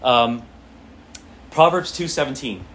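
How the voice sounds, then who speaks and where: A man's voice: medium pitch, animated, takes it slowly, a bit bright, slight background noise. A man teaching a church Bible class in a conversational way, repeating phrases and often checking in with "okay?".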